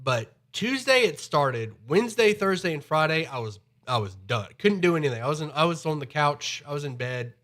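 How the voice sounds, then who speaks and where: A man's voice: a little high, very animated, normal speed, hardly any pauses, fairly bright tone. A man live streaming from home, chatting in a rambling way, his voice slightly nasal from a cold. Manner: rambling, chatty, repeats himself. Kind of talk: casual chat.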